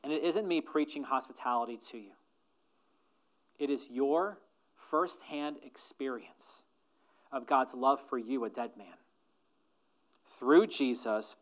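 Man, pastor, preaching a sermon, loud emphatic stresses, hushed near-whispers, slows to stress points, dull muffled recording. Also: mid-range voice. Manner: slows down to stress key phrases.

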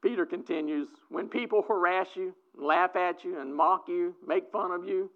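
A preacher delivering a sermon, swinging between loud exclamations and quiet asides. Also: mid-range voice, moderate pace, few pauses. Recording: dull lo-fi recording.

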